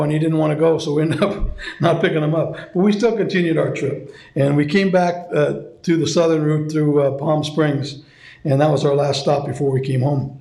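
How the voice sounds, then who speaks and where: A man's voice: a little high, gravelly, dark tone. A middle-aged man sharing a personal story at a recovery meeting, rambling with many fillers and restarts. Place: meeting room. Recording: echoey meeting room.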